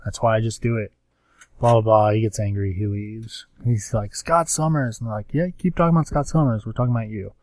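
A man with a somewhat low voice talks through a comic issue in a loose, rambling way. He fills the gaps with ums and slips into quick quoted lines from the characters. The sound is dry and close, with no room around him. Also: a little mellow, dry recording. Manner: rambling recap with acted-out quotes and many fillers. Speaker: comics podcast co-host. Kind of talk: casual chat.

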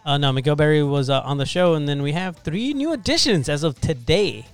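A man's voice: fairly high pitch, lively intonation, fairly quick, clean tone, faint music behind. A man hosting a casual podcast over a video call, upbeat and rambling, laughing often. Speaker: podcast host.

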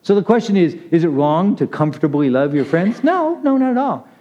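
This preacher's voice sits high and warm, very animated and a little fast. He delivers a laid-back, conversational sermon, laughing and chatting as he names people in the audience, and the recording is muffled and lo-fi.

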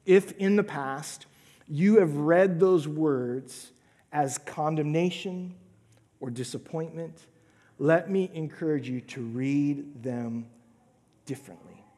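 A man preaching a sermon, swinging between loud emphatic lines and hushed, whispered asides. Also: on the high side, big-room sound. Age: adult father of a young son. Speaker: pastor.

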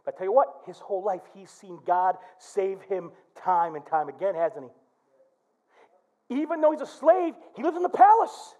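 This middle-aged pastor has an extremely high-pitched male voice and speaks at normal speed. Telling stories during his sermon, he acts out prayers and quotes them with animated energy.

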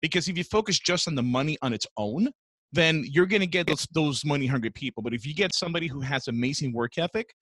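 A man's voice: on the high side, animated, fast, fairly bright tone, no echo. A man co-hosting a podcast, bantering and teasing in casual chat. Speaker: podcast co-host.

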